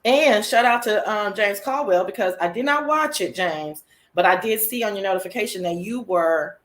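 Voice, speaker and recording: A woman hosts her own live chat show, talking casually in a sassy, slangy and excitable way, with bursts of shrieking laughter. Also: medium pitch, normal speed.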